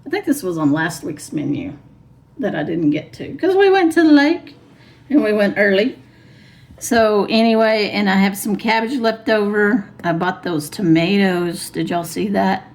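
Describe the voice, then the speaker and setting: A woman talks in an easy, rambling way, her voice a little hoarse. There is a gravelly fry under her words. Her voice sits at an ordinary pitch for a woman. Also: normal speed. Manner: chatty, rambling, laughs often. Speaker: vlogger. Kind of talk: casual chat. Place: truck camper.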